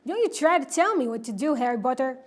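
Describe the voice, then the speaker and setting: A woman reading as a shrill furious teenage witch. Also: lively intonation, moderate pace. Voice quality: shrill, loud.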